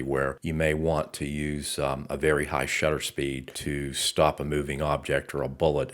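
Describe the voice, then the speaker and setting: Very deep-voiced man explaining camera gear. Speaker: research group presenter. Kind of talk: narrated slideshow tutorial.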